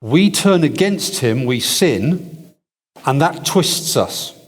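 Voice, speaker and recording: A man's voice: on the high side, expressive, slow. A man answering audience questions at a church event, thinking aloud with restarts and wry asides. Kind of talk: conference Q&A answers. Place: large hall with audience. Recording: echoey hall.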